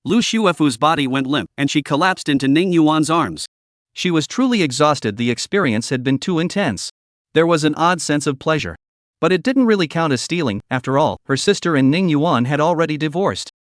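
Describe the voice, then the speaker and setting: Speaking at a normal speed, this recap narrator delivers a comic story summary as a scripted tale. He has a fairly high, highly animated voice, captured up close in a dry recording free of any room sound.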